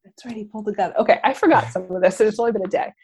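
Brief: woman podcast host, lively storyteller, acts out the dialogue. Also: mid-range voice, rapid-fire, slightly rough. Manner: animated storytelling, acts out characters' lines. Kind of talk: casual movie recap chat.

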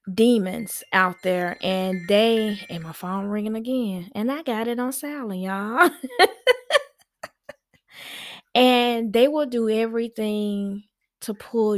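Frank, chatty woman, unhurried podcast host delivering advice. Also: mid-range voice. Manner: frank, chatty, slow and emphatic. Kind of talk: casual advice monologue.

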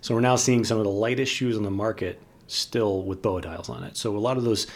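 A man co-hosting a casual podcast chat, relaxed and chatty, laughing easily. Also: fairly low pitch, fairly quick. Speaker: co-host.

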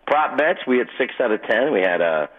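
A man calling in to a radio show as a sports betting guest, telling his stories in a boastful, rapid way. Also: medium pitch, big pitch swings. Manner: boastful, fast storytelling. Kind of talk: casual radio interview. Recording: phone-line call-in audio.

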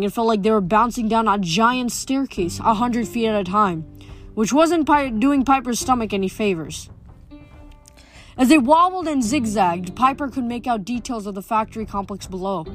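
A woman reads a novel aloud and pauses to chat about the chapter. She often stumbles and restarts her words, in a fairly high voice. Soft music sits faintly behind her. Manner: stumbling, self-correcting. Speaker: book reader. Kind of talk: reading a novel aloud with commentary.

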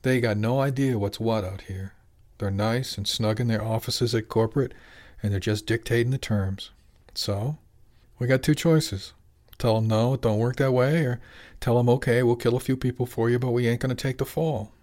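A man's voice: medium pitch, steady tone, moderate pace, darkish tone, close to an everyday voice. A man voicing a blunt, slangy male animal who manages a fishing fleet, pressing his point in an audiobook.

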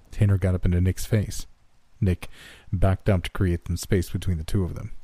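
A man narrating a scripted horror story in steady first-person telling. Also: low-pitched, normal speed, husky, no echo.

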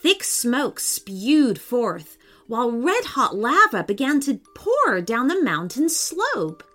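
A woman storyteller narrating a children's story in an expressive, lilting way. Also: a little high, slow pace. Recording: soft background music.

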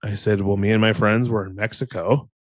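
A young man from Iowa hosting a solo podcast, telling a rambling, animated story full of restarts and acted-out quotes. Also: on the low side, brisk, no echo. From Iowa, USA. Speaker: podcast host.

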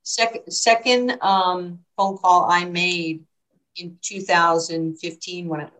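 An older woman tells stories in an interview, acting out what people said. Her voice sits a little low for a woman. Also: slow pace, poor audio. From New York. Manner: animated storyteller, acts out quotes. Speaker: basketball coach. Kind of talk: storytelling interview.

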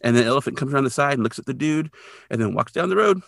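A man co-hosting a podcast, casually retelling an episode with lively sound effects. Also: medium pitch, very fast, gravelly, no echo, clean studio sound. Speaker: podcast co-host.

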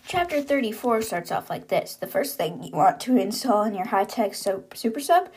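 A woman's voice: mid-range voice, sing-song, normal speed, darkish tone, slightly rough. A woman hosting a podcast, retelling a novel in a chatty, casual way with laughs and sarcastic asides. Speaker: podcast host. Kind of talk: casual book recap.

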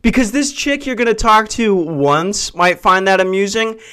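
A young man with a fairly high voice is on a profane comic tirade. He sounds exasperated and keeps slipping into mocking impressions of other people. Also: expressive, measured pace, sharp tone, clean tone. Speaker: podcast host. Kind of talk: comedic rant.

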